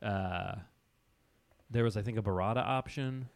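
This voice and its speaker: A man's voice: on the low side, a little slow, creaky, no room sound. A man co-hosting a podcast in casual chat, telling stories with lots of fillers and enthusiasm. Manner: rambling, enthusiastic storyteller with fillers. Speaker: podcast co-host.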